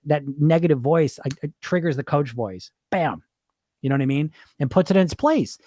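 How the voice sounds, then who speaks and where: Man, podcast host, middle-aged, blunt and profane, fairly high voice, dry close sound. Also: no room sound. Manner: animated, profane, acts out inner voices. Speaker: podcast host and weight loss hypnotist. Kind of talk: casual motivational talk.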